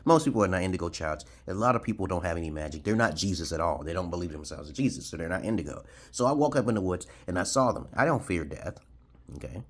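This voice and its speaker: Speaking to camera, a Brooklyn video blogger in his forties rambles through a story, chuckling and punctuating his points with "okay?". His low-pitched voice is expressive and fast.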